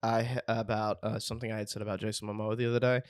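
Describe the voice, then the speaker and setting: A man's voice: lowish voice, little pitch movement, racing, no room sound, studio quality. A man co-hosting a casual podcast chat, hesitant, with many fillers and restarts. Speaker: podcast co-host.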